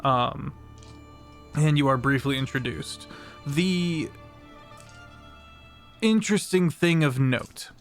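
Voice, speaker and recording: A man narrating scenes as game master, pausing often with fillers. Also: on the high side, soft background music. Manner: halting, many fillers, laughs easily.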